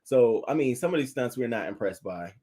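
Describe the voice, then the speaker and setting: A man's voice: brisk, slightly rough. A man reviewing a reality show in casual, profane commentary, answering viewers' comments and acting out what he would have said. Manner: animated, profane, talks back to viewers' comments; acts out quoted lines in a higher, louder voice.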